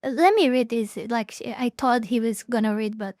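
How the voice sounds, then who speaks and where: High-voiced woman reacting, halting and dry. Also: a little mellow, no room sound. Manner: halting, restarts often, laughs at herself. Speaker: reaction streamer. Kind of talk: casual reaction commentary.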